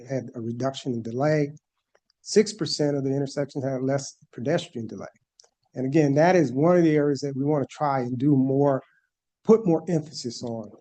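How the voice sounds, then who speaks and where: A man's voice: mid-range voice, dark tone. A man giving a formal presentation to a planning board and walking through slides one by one. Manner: methodical, explaining slide by slide. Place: board meeting room.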